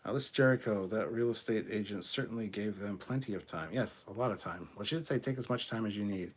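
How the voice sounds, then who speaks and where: A low-voiced man with a husky, slightly rough tone hosts a casual livestream chat. He answers viewer comments bluntly and argumentatively, swearing freely along the way. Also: fairly quick. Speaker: podcast host reading viewer comments.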